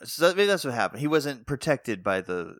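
A man's voice: medium pitch, very animated, fairly quick, fairly bright tone, no room sound, studio quality. A man co-hosting a podcast, talking animatedly through a show episode and laughing often. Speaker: podcast co-host. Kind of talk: casual chat recapping a show.

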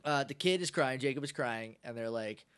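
A man's voice: mid-range voice, normal speed, fairly bright tone, smooth. A man co-hosting a podcast, chatting casually as he recaps an episode and acts out the characters' lines. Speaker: podcast co-host.

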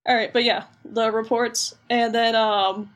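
A woman's voice: on the high side, level tone, measured pace. A young woman co-hosting a podcast in casual chat, chatty and laughing as she recaps things. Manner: chatty, laughing, recaps with silly character voices. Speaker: podcast co-host.

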